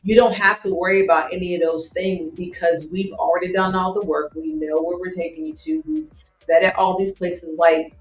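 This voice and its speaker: A woman's voice: fairly low pitch, lively intonation, moderate pace, roomy sound, faint music behind. A woman co-hosting a casual travel live stream, making her points in persuasive repeated lists. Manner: persuasive, listing points with repetition. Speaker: travel show co-host.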